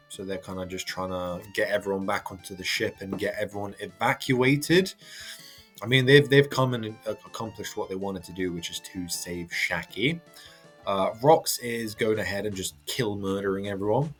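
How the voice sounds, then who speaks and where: Man, low voice, casual manga reaction, halting, faint music behind. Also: breathy edge. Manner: chatty, halting, filler-heavy.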